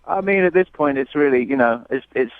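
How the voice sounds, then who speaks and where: A man's voice: medium pitch, expressive, a little fast, no echo. A man with a London accent calling into a radio show, defensive and exasperated, laughing it off, heard over a muffled phone line. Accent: British, London. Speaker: caller. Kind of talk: radio call-in chat.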